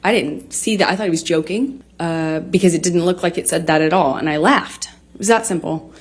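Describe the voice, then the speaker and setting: A woman in her thirties testifying in court, halting and restarting often with many fillers. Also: lowish voice, slightly rough.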